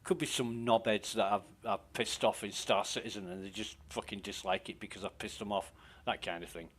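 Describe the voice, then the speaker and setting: A man's voice: on the low side, steady tone, a little fast, fairly bright tone. Sweary man chatting on stream. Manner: rambling, sweary, self-interrupting. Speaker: game streamer. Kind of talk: casual stream chat.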